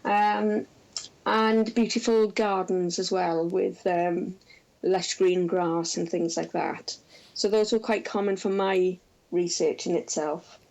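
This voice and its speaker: A middle-aged woman, a researcher and former intensive care nurse, recounting case stories in an interview with gentle, measured storytelling and frequent fillers. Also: fairly low pitch, steady tone, creaky, poor audio.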